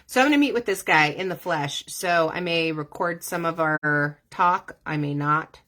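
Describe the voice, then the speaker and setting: Lady vlogger talking to her viewers, lots of cussing and laughing, slightly low voice. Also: moderate pace. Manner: animated, profane, laughing easily. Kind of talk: casual chat to viewers.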